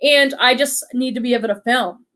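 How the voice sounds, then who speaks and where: Hosting a relaxed livestream, this Boston-area woman talks fairly quickly in a fairly high, fairly bright voice with a light Boston accent. She's chatty and cheerful, reading out viewer comments as she goes.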